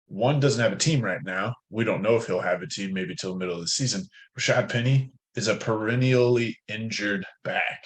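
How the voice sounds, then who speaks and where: A man's voice: on the low side, moderate pace, hardly any pauses, rough recording. A man talking through a fantasy football roster in a casual podcast chat, thinking aloud with frequent fillers. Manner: thoughtful, hedging with fillers.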